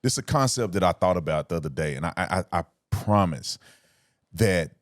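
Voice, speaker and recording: Man, very low voice, halting interview host, dry close sound. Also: expressive, no echo. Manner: halting, thinking out loud with fillers. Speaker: podcast host. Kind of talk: casual interview talk.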